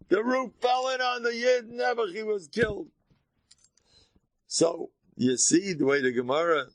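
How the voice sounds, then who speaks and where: An older man, a rabbi, giving an informal Torah lecture in American Orthodox Jewish English, emphatic and animated, jumping between high exclamations and low asides. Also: creaky, dry recording.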